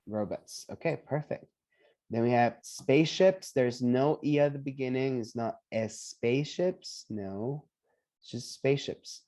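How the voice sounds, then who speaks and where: A man teaching English pronunciation on a video call, patiently repeating each word slowly for his students. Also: medium pitch, mellow. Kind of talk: online pronunciation lesson.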